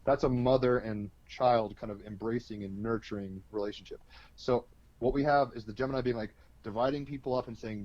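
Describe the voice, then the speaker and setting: A man talks through astrology as an interview guest, rambling in a loose, colloquial way with plenty of fillers. His pitch sits in a middle range. The sound is dull and lo-fi, with a dry, close feel. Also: steady tone, a little fast, darkish tone, no echo. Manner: loose and colloquial, full of "like" and "you know", with mild swearing. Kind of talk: casual explanatory interview talk.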